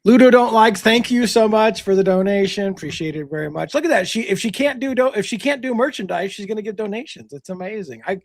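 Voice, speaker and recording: Brief: older male stream co-host, bantering and self-mocking, slightly high voice, dry close sound. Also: fast, gravelly, hardly any pauses, dry recording. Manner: joking, self-deprecating banter. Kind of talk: casual panel chat.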